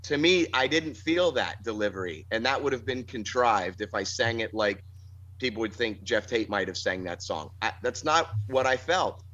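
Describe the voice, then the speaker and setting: A man's voice: lowish voice, expressive, moderate pace, bright, forceful tone. Musing male singer, lo-fi sound. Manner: thoughtful, rambling with restarts. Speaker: band singer. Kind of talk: casual interview talk. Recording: dull lo-fi sound.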